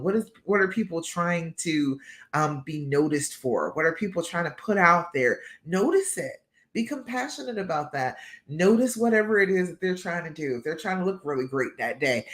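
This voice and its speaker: A woman hosting a live show as a love coach, giving affirmations and pep talk straight to her viewers in an animated, sassy way. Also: lowish voice. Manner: animated, sassy, talks straight to viewers with pet names like honey and girl. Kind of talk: motivational live stream talk.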